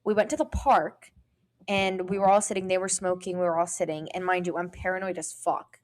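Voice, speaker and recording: A woman co-hosting a podcast, telling stories in casual chat, acting out what others said and swearing freely. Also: on the low side. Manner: animated storytelling, acting out other people's lines, frequent swearing. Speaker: podcast co-host.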